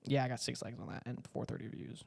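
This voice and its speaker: A young man from Puerto Rico riffs casually to the camera, swearing and piling on fillers and asides. His voice has a gravelly, fried texture at a middle pitch. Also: level tone, fast talker, a little mellow, in a whisper, big-room sound. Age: 20s. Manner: slangy, profane, full of fillers and asides. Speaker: content creator. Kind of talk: casual rambling monologue.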